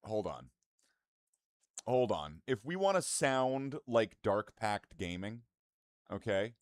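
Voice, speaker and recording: A man's voice: fairly low pitch, sing-song, slow, no echo, studio quality. Foul-mouthed rambling male streamer. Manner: profane, rambling, mock-indignant banter with chat. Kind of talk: casual live-stream chat.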